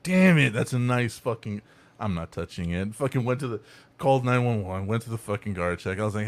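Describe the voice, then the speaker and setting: A man's voice: fairly low pitch, fairly quick. Young man telling a profane story. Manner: profane, animated storytelling with acted-out quotes. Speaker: podcast host. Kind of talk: casual storytelling chat.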